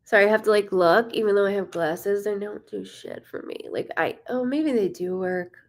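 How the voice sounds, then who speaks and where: A woman's voice: medium pitch, moderate pace. Chatty, foul-mouthed woman medium. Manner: chatty, swears freely; warm, greets viewers by name. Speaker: psychic medium hosting a live stream. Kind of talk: casual live-stream chat with viewers.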